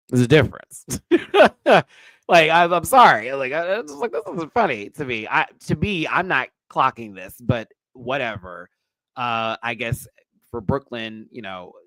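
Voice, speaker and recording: A man with a mid-range voice rants bluntly through a live review, swearing freely. His voice swings from low muttering to loud, high exclamations. The sound is dry and close, with no room echo. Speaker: drag race reviewer and channel host.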